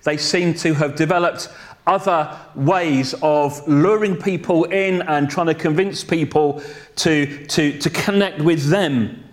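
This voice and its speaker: Guy giving a sermon, kinda high voice, takes his time, fixes his own words. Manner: slow, deliberate delivery with self-corrections and light humor. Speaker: preacher.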